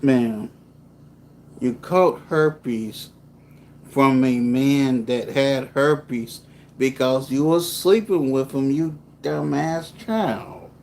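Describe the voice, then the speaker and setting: A man's voice: mid-range voice, very slow, a little mellow, a little hiss or hum. A man co-hosting a reaction video, dry and mocking with insulting asides. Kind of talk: casual commentary on a clip.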